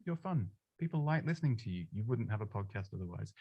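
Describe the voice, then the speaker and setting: A man giving casual, chatty advice on presenting, self-deprecating and prone to quick restarts. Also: on the low side, sing-song, breathy edge, dry recording, muffled recording. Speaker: presenting coach. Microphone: close studio microphone.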